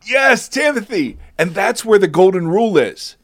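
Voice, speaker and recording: A man with a slightly higher voice and a very lively, swooping delivery, talking about scripture with emphasis and feeling. He presses his points with rhetorical questions and sounds emotional, near tears. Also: moderate pace. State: teary. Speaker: Bible teacher in discussion. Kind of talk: conversational Bible discussion.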